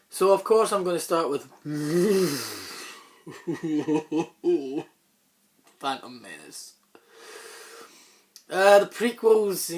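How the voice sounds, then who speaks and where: A man hosting a casual movie talk show, rambling and offhand, with a sore throat that keeps him clearing it and coughing. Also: mid-range voice. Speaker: host.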